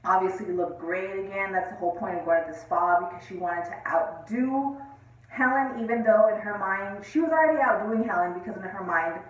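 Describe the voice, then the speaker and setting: A woman's voice: medium pitch, a little fast. A woman casually reviewing a film in a rambling, profane way, full of fillers like "like". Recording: echoey distant lo-fi room sound.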